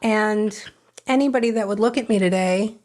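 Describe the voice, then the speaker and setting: A woman's voice: mid-range voice, moderate pace, a little mellow. A middle-aged woman, a podcast guest, telling her recovery story frankly and with feeling, acting out what she said back then. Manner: frank, emotional, re-enacts her own past words.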